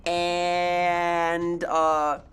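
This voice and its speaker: A woman's voice: on the low side, level tone, drawn-out words, clear, resonant tone. A young woman streaming live, chatting casually in a playful, rambling, jokey way and reading chat aloud. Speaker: variety streamer.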